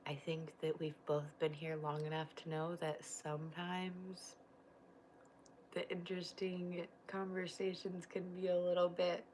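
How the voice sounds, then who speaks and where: A woman in her thirties chatting on a livestream in a low voice, taking her time over every phrase. She rambles warmly and emotionally, breaking into laughter often, with a faint hiss in the background. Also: level tone, unhurried, rough recording. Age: 30s. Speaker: livestream host and mother. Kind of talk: casual livestream chat, reading viewer comments.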